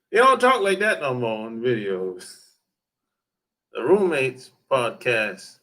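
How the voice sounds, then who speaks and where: A man's voice: medium pitch, very animated, takes it slowly, long pauses, sharp tone. A man, chatting loosely with livestream viewers, rambling, repeating himself and swearing. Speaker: dating advice YouTuber. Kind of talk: casual livestream chat answering viewers. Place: home in Atlanta.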